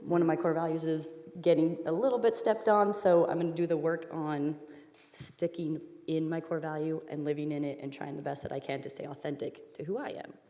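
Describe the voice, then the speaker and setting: A woman's voice: low-pitched, fairly even intonation, fairly quick, warm tone. A woman coach on a panel, speaking candidly and quoting her own feelings. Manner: candid, self-aware, quotes her own thoughts. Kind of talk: panel discussion. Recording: echoey hall.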